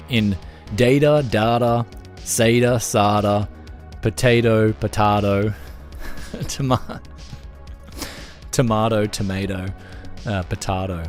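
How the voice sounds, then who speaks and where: Aussie guy rambling on a tech livestream, jokey, pitch all over the place. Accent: Australian. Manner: animated and jokey, with frequent restarts and fillers. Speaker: host of a tech live stream. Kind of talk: casual live-stream chat.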